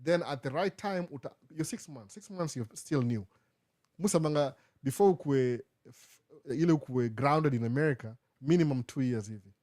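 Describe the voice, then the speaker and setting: Male host, live Q&A, casual, code-switching, dry close sound, mid pitch. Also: normal speed, a little mellow, no room sound. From Kenya. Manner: casual, mixes English with Swahili phrases. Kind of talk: live Q&A answering viewer questions.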